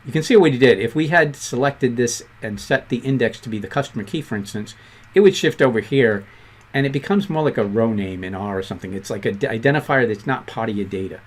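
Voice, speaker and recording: A man with a Boston accent teaching a programming lesson, talking quickly and conversationally with self-deprecating asides. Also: medium pitch, lively intonation. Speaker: programming instructor. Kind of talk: screen-recorded coding tutorial.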